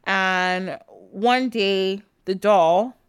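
Brief: podcast host, woman, medium pitch, chatty and animated storyteller, dry close mic. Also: very slow, clear, resonant tone, dry recording. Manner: animated retelling with frequent laughs and "like". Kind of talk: casual storytelling chat.

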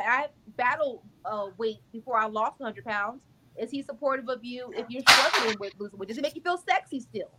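A woman's voice: sits high, fairly bright tone, low-quality recording. A woman guest in a casual talk, speaking earnestly, setting out her points as a string of questions and laughing often. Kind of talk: casual chat.

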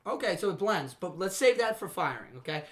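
Low-voiced woman podcast host, teasing. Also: very animated, brisk. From Maryland, US. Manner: loose, teasing, steers the talk. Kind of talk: casual podcast chat.

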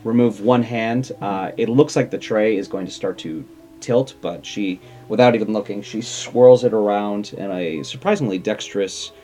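A man's voice: on the low side, normal speed, dark tone. A man narrating a tabletop game as game master, playful and chatty, with faint music underneath. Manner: playful, chatty, self-mocking.

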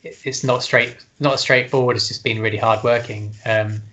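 Halting male band guest, bright voice. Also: medium pitch, fairly even intonation. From United Kingdom. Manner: hesitant, halting, many fillers. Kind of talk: casual interview chat.

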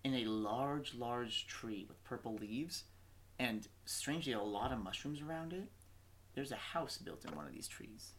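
Low-voiced woman narrating as game master. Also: a little slow, slight background noise. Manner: loose and chatty, with many fillers and self-corrections.

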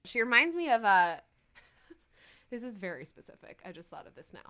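Bright, giggly woman chatting. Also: a little high, moderate pace. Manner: giggly, animated, quotes characters in playful voices. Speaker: podcast co-host recapping a TV episode. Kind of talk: casual chat.

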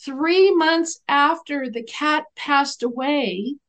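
A woman who works as an animal communicator tells a story as a guest on an interview show, earnest and gentle, acting out the dialogue. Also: high-pitched, slow pace. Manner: animated, acts out the dialogue in her stories.

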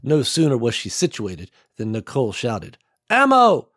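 A man narrating an action audiobook in a measured, dramatic way. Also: medium pitch, animated, a little mellow, no room sound, clean studio sound.

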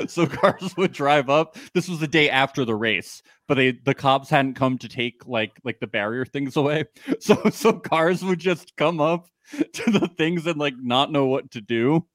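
A man's voice: on the high side, lively intonation, unhurried, fairly bright tone, no room sound, studio quality. Laughing, rambling young man. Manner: rambling storyteller, heavy use of "like", laughs often. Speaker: podcast co-host. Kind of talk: casual chat.

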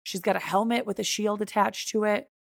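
A young woman chatting casually on a podcast, her voice carrying a lot of gravelly fry. She retells events with animation, playing out each side of the conversation. The sound is dry and close. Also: mid-range voice, brisk, no echo. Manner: animated retelling, acts out both sides of quoted dialogue. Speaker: podcast co-host. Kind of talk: casual storytelling chat.

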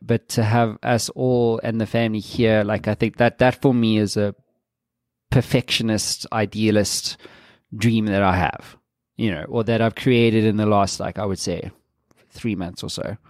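A man's voice: fairly low pitch, fairly even intonation, measured pace, darkish tone, no echo, clean studio sound. A man hosting a podcast in casual chat, reflective and swearing casually. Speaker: podcast host.

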